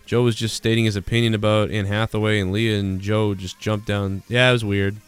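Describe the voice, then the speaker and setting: A man's voice: on the low side, flat delivery, fairly quick, smooth. A man chatting casually on a gaming live stream, rambling and getting heated as he retells an argument.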